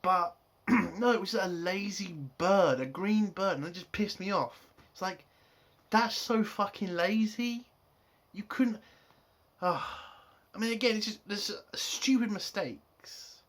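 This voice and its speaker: A man's voice: high voice, takes it slowly, a bit bright. Exasperated, sweary man ranting. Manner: exasperated, swears a lot, rants. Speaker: TV episode reviewer. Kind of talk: casual spoken review.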